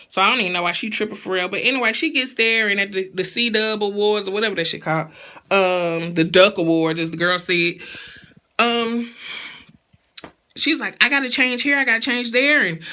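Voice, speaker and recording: Sassy bright-voiced woman dishing gossip. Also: medium pitch, moderate pace. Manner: sassy, blunt, slangy. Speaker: show recap vlogger. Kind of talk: casual gossip recap.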